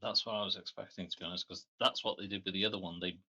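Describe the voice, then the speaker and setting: A man's voice: low voice, steady tone, very fast, bright, forceful tone, breathy edge, highs cut off. A man playing a tabletop horror game, talking plainly and thoughtfully in character and out. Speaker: player. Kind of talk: casual tabletop game play.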